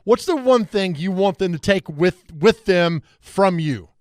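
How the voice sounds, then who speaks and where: A man's voice: high-pitched, lively intonation, dry recording. Eager male radio host, dry studio sound. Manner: enthusiastic, asks quick questions. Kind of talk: casual radio interview.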